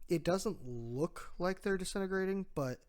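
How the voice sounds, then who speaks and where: A man's voice: high-pitched, animated. Chatty man recapping a comic chapter. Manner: chatty, with fillers and restarts, quick laughs. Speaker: podcast co-host. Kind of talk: casual manga chapter recap.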